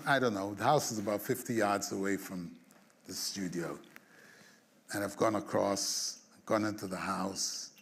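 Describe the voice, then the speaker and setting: A man, a songwriter being interviewed, telling an anecdote in an animated way, acting out the scenes, humming bits of tunes and chuckling along. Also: lowish voice, vocal fry, breathy edge. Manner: animated storyteller who acts out scenes and hums tunes; chuckles through his stories. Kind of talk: storytelling anecdote.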